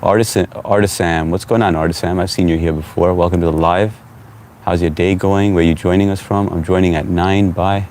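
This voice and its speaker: Deep-voiced man chatting on a live stream. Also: fairly quick, slight background noise. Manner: relaxed, chatty, greets viewers by name. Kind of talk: casual live-stream chat reading viewer comments. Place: at home.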